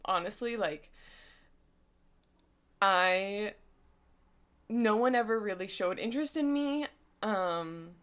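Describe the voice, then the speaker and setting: Emotional young woman vlogger, shaky voice. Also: mid-range voice. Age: 20s. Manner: emotional, voice goes shaky and soft, casual filler-heavy talk. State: close to tears. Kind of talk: personal storytelling.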